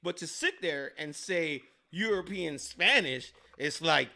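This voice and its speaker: A man's voice: fairly high pitch, takes it slowly, vocal fry. A man co-hosting a podcast, bantering casually with lots of swearing and laughter. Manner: animated, profane, laughing. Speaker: podcast co-host.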